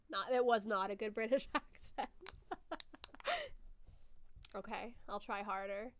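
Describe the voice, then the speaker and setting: A woman's voice: on the high side, animated, slow pace, long pauses, fairly bright tone. A woman streamer chatting casually through a movie watchalong, laughing often and swearing offhandedly.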